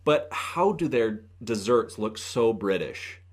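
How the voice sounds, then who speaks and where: A woman's voice: rumbling low, animated, takes it slowly, heavy background noise. A woman hosting a casual chat, laughing easily and asking her guest questions. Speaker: host.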